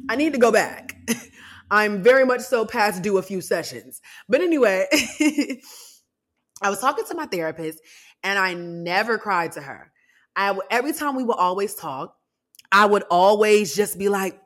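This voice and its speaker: A young adult woman hosting a podcast, telling a personal story in a casual, animated way with asides to her listeners. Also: mid-range voice, moderate pace. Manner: lively, animated retelling with laughs and asides to listeners. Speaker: podcast host.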